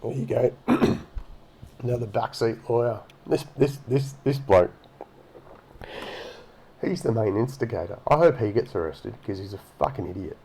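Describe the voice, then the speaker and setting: A man's voice: fairly low pitch, moderate pace, long pauses, mellow, husky. A man giving sarcastic, swear-filled commentary while reacting to a video. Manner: sarcastic, swears freely, mocking asides. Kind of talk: casual profane commentary over a video.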